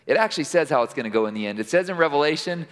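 A man's voice: on the high side, animated, very fast. A man giving a casual, rambling conference sermon, with frequent restarts, to a live audience. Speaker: conference speaker. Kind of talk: sermon with a joke. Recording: long hall reverb.

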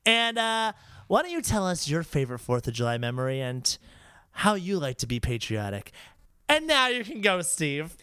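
Excitable, bright-voiced male co-host. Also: on the high side, normal speed, smooth, dry recording, clean studio sound. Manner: excitable, jumps to loud outbursts. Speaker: podcast co-host. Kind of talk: casual comedic chat.

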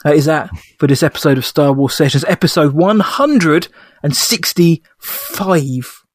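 A man's voice: fairly high pitch, measured pace, breathy edge, no echo, clean studio sound. Man co-hosting a jokey podcast. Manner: jokey, laughs often, calls his co-host mate. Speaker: podcast co-host. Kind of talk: casual chat.

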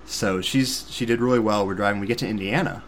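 A young man with a fairly low voice tells a story on a podcast. His delivery is casual and animated, self-deprecating, and sprinkled with sarcastic asides. There is a faint hum of noise behind him. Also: brisk. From Missouri, USA. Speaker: podcast host.

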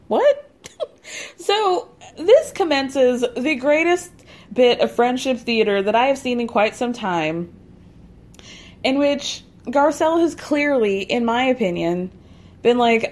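A woman casually recapping a TV reunion, sarcastic, with frequent laughs and animated asides. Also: high-pitched, slow pace, long pauses. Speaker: podcast host recapping a TV reunion.

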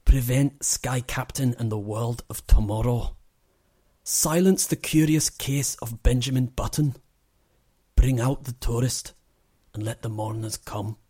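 A man putting on a terrible Scottish accent, reciting a funeral poem in slow, mock-grieving tones. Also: medium pitch, warm tone, breathy edge, pitched above the performer's own voice. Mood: mock-solemn. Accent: put-on Scottish. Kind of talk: dramatic poetry reading.

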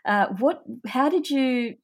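A woman hosting a podcast interview, asking gentle, empathetic questions. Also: high voice, animated, slow pace. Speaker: podcast host.

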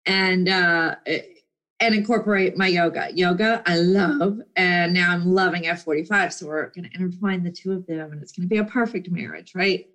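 A middle-aged woman chatting casually to her viewers, bubbly and animated, slipping into playful voices for quoted people. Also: lowish voice, moderate pace. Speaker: vlogger.

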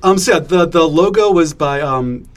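Laid-back podcast host, mid pitch. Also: moderate pace. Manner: laid-back, steering the talk. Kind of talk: casual chat.

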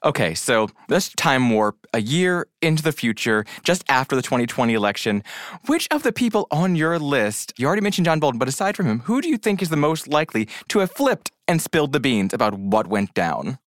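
A man's voice: mid-range voice, very animated, brisk, no echo, studio quality. A man hosting a news podcast, playful and wry, with a comic recap. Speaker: podcast host.

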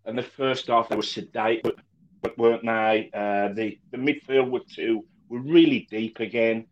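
A man co-hosting a casual football fan chat, talking in eager bursts full of restarts and repeated words. His voice sits at an ordinary pitch. The recording sounds muffled and lo-fi. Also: fairly even intonation, normal speed. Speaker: football podcast co-host.

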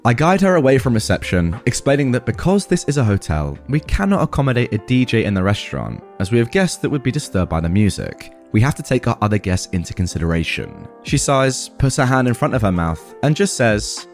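Male storyteller, hotel restaurant manager type, wry and exasperated, animated delivery, faint music behind. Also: on the low side, a little fast, few pauses. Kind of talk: storytelling narration.

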